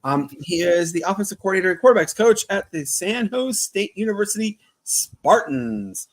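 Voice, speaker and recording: Guy hosting a sports podcast, kinda high voice, rambly and hyped. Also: normal speed. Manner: loose and excitable, many fillers and restarts. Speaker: podcast co-host. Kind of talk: casual sports chat.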